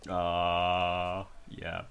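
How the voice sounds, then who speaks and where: A man's voice: low-pitched, monotone, extremely slow, creaky, fairly bright tone, clear, resonant tone. A man, co-hosting a podcast, ranting animatedly in casual chat with mild swearing. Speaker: podcast co-host.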